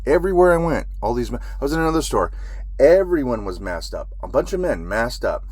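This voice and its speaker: Agitated man ranting with swings in pitch. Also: big pitch swings, brisk, a little mellow, slightly rough. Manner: agitated, profane, repetitive. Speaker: military veteran telling a story. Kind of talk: ranting monologue to camera.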